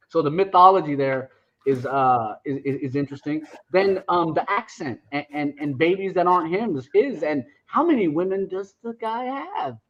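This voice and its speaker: A man telling rambling, joking stories in a casual podcast chat, with many restarts. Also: high voice. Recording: dull lo-fi sound.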